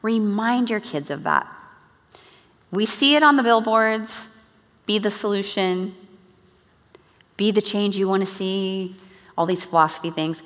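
A woman's voice: mid-range voice, measured pace, pauses often, fairly bright tone. A woman giving an earnest, chatty church teaching talk to a congregation. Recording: long reverb of a large hall.

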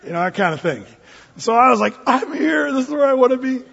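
A man's voice: extremely high pitch, lively intonation, a little fast, gravelly, fairly bright tone, slightly rough. A man preaching a sermon, telling a folksy personal story with lots of fillers and restarts, recorded in a church sanctuary. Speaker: pastor. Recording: dull recording in a reverberant hall.

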